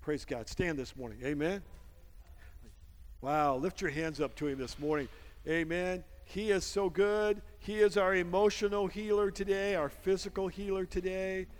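A man's voice: high-pitched, fairly even intonation, moderate pace. A man preaching a sermon as pastor, exhorting his congregation with frequent amens and call-and-response. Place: church sanctuary during a service. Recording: long hall reverb with music behind.

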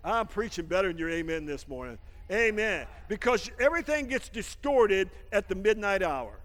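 A man preaching a lively sermon, laughing often and swinging from shouts down to hushed asides, with a folksy habit of saying "man.". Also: high voice, normal speed, big-room sound. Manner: folksy, calls everyone "man". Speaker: pastor.

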